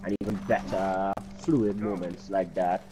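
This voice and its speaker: Low flat-voiced male co-host. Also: measured pace, music in the background, rough recording. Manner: even, explanatory. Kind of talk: casual gaming stream talk.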